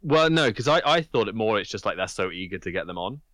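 Playful low-voiced podcast man. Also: sing-song, quick pace, a bit bright. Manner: playful, mock-serious, laughs often. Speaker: podcast co-host. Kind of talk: casual chat.

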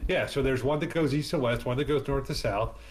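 A man's voice: mid-range voice, a little fast, a little hiss or hum. A man explaining things in a casual chat, rambling with many restarts and fillers. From East Coast of the United States.

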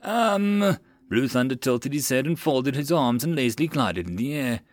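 A man narrating a web-novel audiobook in an expressive reading voice. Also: medium pitch, brisk, no room sound.

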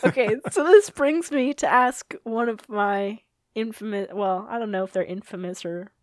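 A woman co-hosting a podcast in casual chat, easygoing and quick to laugh. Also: mid-range voice, no echo, clean studio sound. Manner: laughs often, slow and easygoing. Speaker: podcast co-host.

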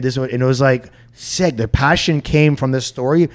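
A man's voice: medium pitch, moderate pace. A man who runs restaurants, a podcast guest chatting casually and enthusiastically with many fillers. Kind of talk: casual chat.

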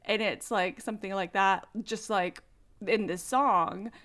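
A woman's voice: medium pitch, fairly even intonation, measured pace, fairly bright tone. A woman in her thirties co-hosting a casual podcast, talking chattily with lots of fillers and laughter. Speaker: podcast co-host. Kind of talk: casual chat.

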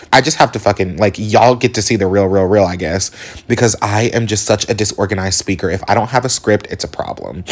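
A young man in his twenties hosts his own podcast, wandering from one tangent to the next in a frank, profane, chatty way. His speaking voice sits fairly low. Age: 20s. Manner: rambling, candid and profane, with mimicked voices. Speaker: podcast host. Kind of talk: casual solo podcast monologue.

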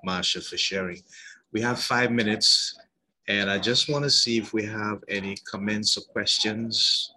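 A male host runs a live-stream interview with a bright, forward voice. He is effusive and full of praise, reading viewer comments aloud between questions. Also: lowish voice, poor audio.

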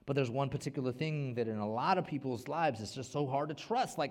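A middle-aged man, a pastor, preaching a sermon with big swings between loud and soft and repeating words as he builds a point. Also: medium pitch, a little fast, hardly any pauses.

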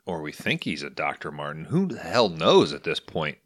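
A man's voice: a bass voice, very animated, normal speed. A man hosting a podcast, casually retelling a film's plot with plenty of profanity. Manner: profane, storytelling. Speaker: podcast host. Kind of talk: casual recap of a film.

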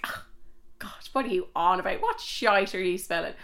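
A woman's voice: on the low side, fast. Chatty young Irish woman telling a story. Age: young adult. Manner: chatty, animated, swears, many "like" fillers. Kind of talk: casual storytime vlog.

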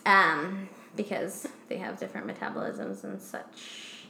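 A woman's voice: lowish voice, very animated, unhurried, bright, forceful tone, roomy sound, a little hiss or hum. A woman co-hosting a podcast, chatting casually, swearing a lot and trailing off into fillers. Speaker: podcast co-host. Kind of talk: casual chat.

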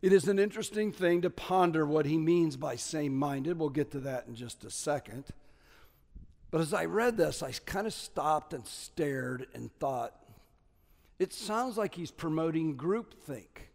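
A man preaching a sermon as pastor, stressing key words loudly and dropping to quiet asides. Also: a little high, expressive, unhurried, gravelly, long reverb tail. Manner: emphatic, swings between loud stresses and quiet asides.

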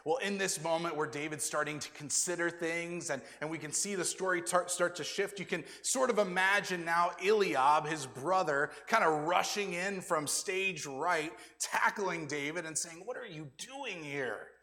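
A man's voice: a little high, normal speed, few pauses. Man preaching in an echoing hall. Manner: animated preaching, dropping to hushed asides and whispers. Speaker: pastor. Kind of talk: sermon. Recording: long reverb of a church hall.

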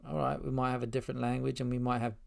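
A man's voice: medium pitch, flat delivery, racing, creaky, a little mellow. A middle-aged man hosting his podcast, talking unscripted and heartfelt from his spare room, rambling with many restarts. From Spain and England. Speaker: podcast host. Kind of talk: unscripted personal address.

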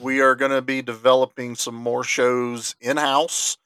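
A man's voice: mid-range voice, little pitch movement, unhurried, bright, forceful tone, clear, resonant tone, no echo. A male podcast co-host chatting casually in a laid-back, teasing way. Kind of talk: casual chat.

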